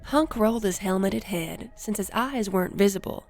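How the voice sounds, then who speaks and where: A woman reading an action story aloud as narrator in a measured storytelling manner. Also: mid-range voice. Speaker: audiobook narrator. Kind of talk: scripted narration. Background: faint music.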